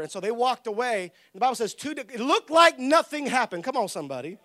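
A man preaching a lively sermon with humor, laughing often, shouting for emphasis and acting out the people in his stories. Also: high-pitched, fast. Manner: acts out quoted voices.

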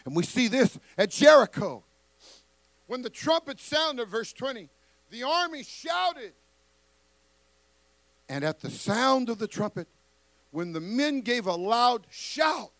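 High, lively preaching man. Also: dry recording. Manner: impassioned, builds to shouting; calls on the congregation to respond. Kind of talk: sermon.

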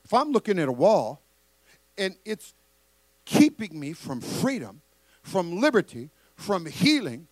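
A man preaching a fiery sermon who calls on the congregation to answer back and builds his lines up into shouts. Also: high-pitched, huge pitch swings, a little slow, no room sound.

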